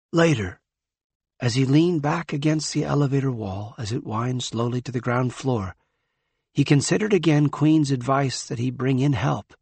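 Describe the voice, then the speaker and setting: A man narrating a novel in a measured, grave manner. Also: mid-range voice, breathy edge, no echo. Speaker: audiobook narrator. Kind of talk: scripted narration.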